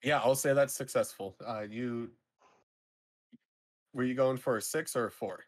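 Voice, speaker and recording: A man's voice: medium pitch, a little slow. A man running a tabletop game as game master, narrating in a loose, filler-heavy way.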